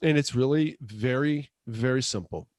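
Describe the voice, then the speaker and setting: A man's voice: medium pitch, normal speed, a little mellow, no room sound. A man in his fifties co-hosts a casual podcast chat, telling loose, rambling stories and chuckling along the way. His voice sits mid-range and is recorded dry and close. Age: 50s. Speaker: podcast co-host.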